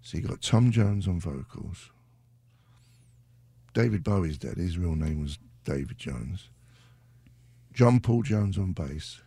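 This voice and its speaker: A man's voice: low-pitched, animated, slow, gravelly, long pauses, dark tone, husky, no room sound. A British man hosting a radio show, chatting casually in a rambling, self-deprecating way into a studio mic. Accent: British English. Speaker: radio DJ host.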